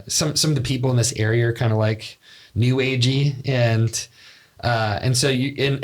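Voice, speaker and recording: Rambling young man telling a story. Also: medium pitch. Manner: rambling, filler-heavy, laughs at own story. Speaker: podcast co-host. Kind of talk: casual storytelling chat.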